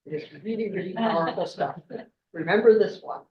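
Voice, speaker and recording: A woman voicing a calm, secretive talking snake that gives instructions in a storytelling talk. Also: fairly low pitch, fairly quick, natural voice. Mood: confiding. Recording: echoey room, distant mic, dull sound.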